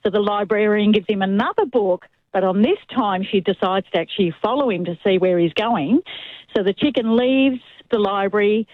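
A woman caller telling a long shaggy-dog joke on a radio show, in a steady, storytelling way. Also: medium pitch, normal speed, no room sound. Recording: tinny phone line.

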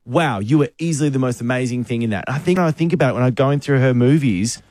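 A man's voice: medium pitch, darkish tone, no room sound, studio quality. A man, co-hosting a radio show with playful, teasing banter. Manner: playful, teasing, quick quips. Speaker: radio host. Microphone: studio microphone.

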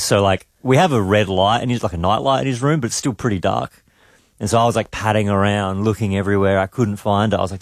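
A man's voice: lowish voice, fast, no echo, studio quality. A man, hosting a morning radio show and telling a family story in casual chat. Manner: storytelling, animated quoting of his son. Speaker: radio host. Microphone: studio mic.

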